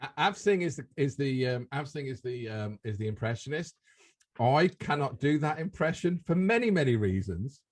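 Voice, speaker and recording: A man's voice: medium pitch, animated, moderate pace. A man hosting a casual comedy podcast, rambling and self-interrupting, laughing often. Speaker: podcast host.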